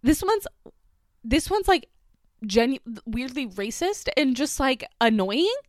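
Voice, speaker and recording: A woman's voice: sits high, takes it slowly, no room sound, studio quality. A woman casually telling a personal story, filling every sentence with "like" and swearing freely. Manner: chatty, heavy filler "like", swears, animated retelling.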